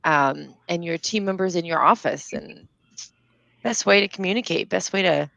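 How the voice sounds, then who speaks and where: A woman's voice: lowish voice, creaky, fairly bright tone, dry recording, dull audio. A woman with a Southern US accent, co-hosting a casual chat in a rambling, laughing way. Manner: chatty, rambling, quick to laugh. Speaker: co-host.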